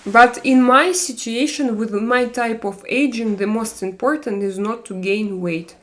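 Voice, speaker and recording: Unhurried and fairly high-pitched, a Russian-accented woman in her forties chats with viewers on a relaxed live stream. Her English, not her first language, comes with plenty of fillers and restarts.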